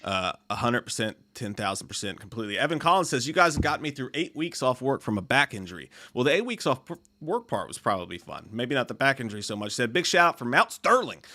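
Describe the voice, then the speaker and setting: A man co-hosting a live stream, reading viewer comments in a profane, animated way and laughing often. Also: mid-range voice, fast, few pauses, no echo. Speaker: podcast co-host.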